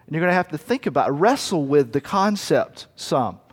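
A man's voice: a little high, sing-song, normal speed, breathy edge. A man preaching a sermon in a conversational way, now and then acting out muttering and everyday asides. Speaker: pastor. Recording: long reverb from a hall.

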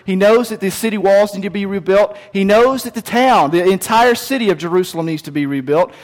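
A man's voice: high-pitched, big-room sound. A man preaching a sermon as pastor, in a conversational, folksy storytelling manner with frequent restarts.

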